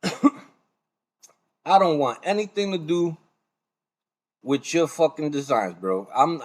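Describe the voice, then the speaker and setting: A man streaming a reaction video, ranting and confronting another streamer in a heated, profane way. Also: medium pitch. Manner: confrontational, profane, calls the other man son.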